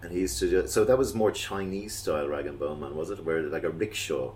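Deep-voiced deadpan male host. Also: a little hiss or hum. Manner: deadpan teasing, pauses with fillers. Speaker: podcast host. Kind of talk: playful mock interview.

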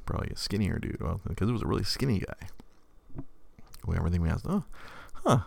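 A man's voice: low voice, brisk, creaky, pauses often, a little mellow. A man in his thirties chatting casually as a podcast host, rambling with many stammered restarts and frequent laughs. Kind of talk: casual chat.

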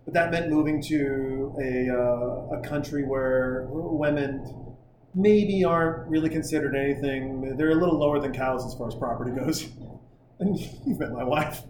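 A man's voice: medium pitch, unhurried. A man hosting a casual podcast, talking in fired-up, profane, rambling tangents. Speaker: podcast host. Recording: echoey room with faint noise.

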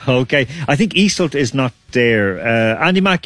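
A man's voice: medium pitch, expressive, unhurried, fairly bright tone, no echo, soft background music. A man hosting a casual online quiz, chatty and laughing often. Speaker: quiz host.

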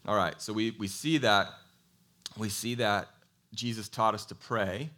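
A man preaching a sermon in a conversational, animated way, telling a Bible story and asking his congregation questions. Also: lowish voice, measured pace. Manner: animated storytelling, acts out quoted voices. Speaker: pastor.

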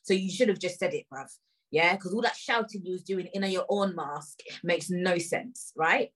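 A young woman with a London accent telling an animated, indignant story in a casual rant, full of swearing and slang. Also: fairly low pitch, normal speed, low-quality recording. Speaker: vlogger.

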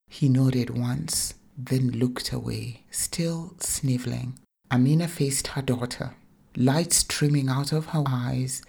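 A woman reading a short story aloud in a calm, measured narration. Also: rumbling low, vocal fry, slightly rough.

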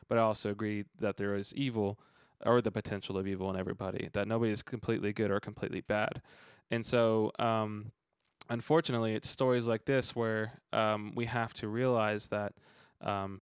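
A man's voice: on the low side, clear, resonant tone, no echo, studio quality. A man co-hosting a casual podcast, reading a Bible passage aloud and reflecting on it earnestly, with frequent fillers. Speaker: podcast co-host.

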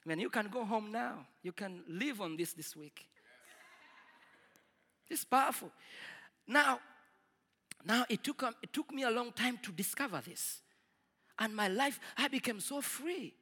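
A man preaching a sermon to a congregation, swinging from loud declarations to quiet asides. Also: sits high, lively intonation, measured pace, long pauses, slightly rough, long reverb tail. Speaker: pastor.

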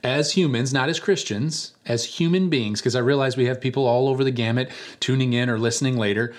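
A male pastor delivers a sermon in a relaxed, conversational way. He tells stories with a light touch and now and then acts out the people in them. His voice sits at an ordinary middle pitch. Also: fairly quick. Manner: conversational storytelling with animated voices for quoted characters.

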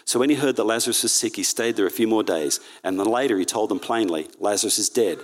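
This earnest church preacher has a lowish voice and moves at a quick pace. He reads passages from the Bible aloud during his sermon, stopping frequently to correct himself.

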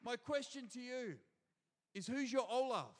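A man with an Australian accent preaching a sermon to a church congregation, energetic and calling out to the crowd. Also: very high voice, a little slow, a little hiss or hum. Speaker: pastor. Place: church hall before a congregation.

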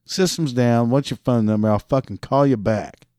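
A man's voice: medium pitch, moderate pace, warm tone, dry recording, studio quality. A man who works a parts counter, ranting profanely about customer service calls and mimicking the callers. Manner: drinks beer while talking. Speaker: parts department worker. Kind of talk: ranting monologue.

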